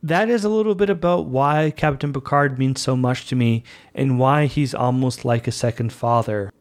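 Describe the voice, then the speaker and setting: A man's voice: medium pitch, moderate pace. A man hosting a podcast, talking in a casual, enthusiastic and chatty way as a fan. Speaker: podcast host. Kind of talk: casual monologue.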